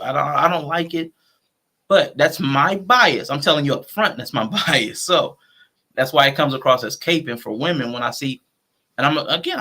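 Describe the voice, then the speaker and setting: Hosting a laid-back livestream talk show, this man speaks in a pushed, bright voice on the high side. His conversational style includes features, and he often restarts sentences while thinking aloud.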